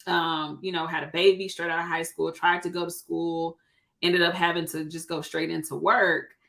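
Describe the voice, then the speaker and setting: Thirties woman co-host; bright tone, lower register, relaxed chatty delivery with laughs. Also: moderate pace, vocal fry. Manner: chatty, laughs often, acts out quoted dialogue. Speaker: co-host, realtor. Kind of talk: casual chat.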